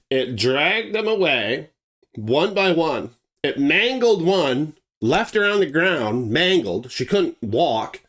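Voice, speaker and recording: Guy telling a scary true story, punchy and blunt, kinda high voice. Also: a bit bright. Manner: emphatic, blunt, conversational. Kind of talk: dramatic true-story narration.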